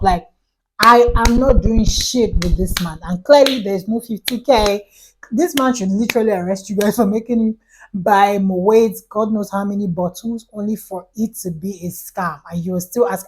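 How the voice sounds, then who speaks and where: A young woman vlogger telling an animated, exasperated storytime, quoting everyone in the story and saying "like" often. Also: mid-range voice, moderate pace, breathy edge, rough recording. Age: young adult. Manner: animated, exasperated storytelling with quoted dialogue and frequent "like". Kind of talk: storytime vlog.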